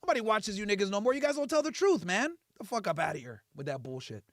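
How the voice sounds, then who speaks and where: A man's voice: high voice, sing-song, fast talker, no echo, studio quality. A man hosting a livestream, ranting in a profane, heated and mocking way. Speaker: livestream host. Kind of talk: livestream rant.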